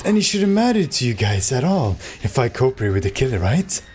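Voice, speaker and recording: A streamer voicing an unsettlingly polite young man obsessed with hope, speaking softly while reading game dialogue aloud. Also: medium pitch, big pitch swings, brisk, faint music behind, close to an everyday voice. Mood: eerie calm.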